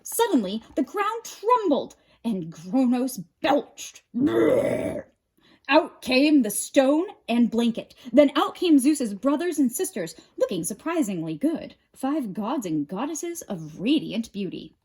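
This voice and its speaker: A woman librarian reading a picture book aloud with expressive, dramatic narration. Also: high voice, unhurried, hardly any pauses, husky. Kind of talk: storybook read-aloud.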